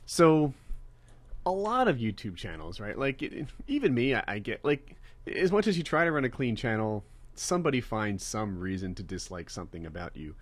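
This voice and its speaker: A man hosting a casual podcast, animated and jokey. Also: mid-range voice, normal speed, no room sound. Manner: animated, jokey, mimics others. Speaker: podcast host.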